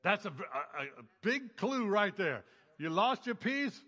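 A man's voice: sits high, big pitch swings, a little slow, bright, forceful tone, long reverb tail. A man preaching a sermon as a pastor, emphatic and repetitive, building phrases in rhythmic lists.

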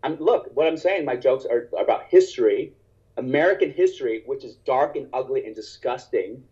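A man, a stand-up comedian, telling a story in casual conversation in an animated, profane way and acting out other people's lines. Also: mid-range voice, normal speed, highs cut off.

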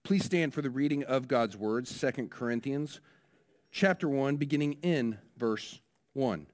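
Here a man serving as pastor gives a sermon after a children's message, medium in pitch and measured in pace. His delivery is energetic, and he keeps putting questions to the congregation.

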